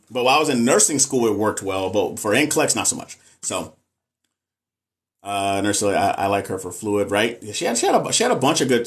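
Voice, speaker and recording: A man with a Texas Southern accent, hosting a casual livestream, reading comments aloud and talking candidly about nursing. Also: on the low side. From American South. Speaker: nurse and livestream host.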